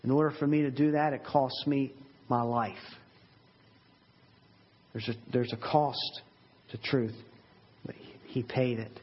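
Earnest preaching man, husky voice. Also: mid-range voice, fairly even intonation, a little slow, long pauses, dull audio. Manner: earnest, emphatic preaching with rhetorical questions. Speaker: pastor. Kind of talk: sermon.

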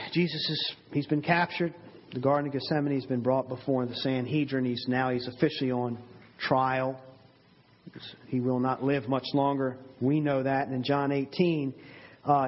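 A man's voice: medium pitch, husky, lo-fi sound. A male pastor preaching a sermon in an earnest, emphatic way, with many rhetorical questions.

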